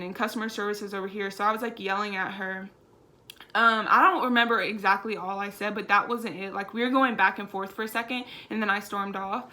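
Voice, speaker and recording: A young woman telling a storytime vlog in a chatty, animated way, full of "like". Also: mid-range voice. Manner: chatty and animated, heavy use of "like". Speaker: vlogger.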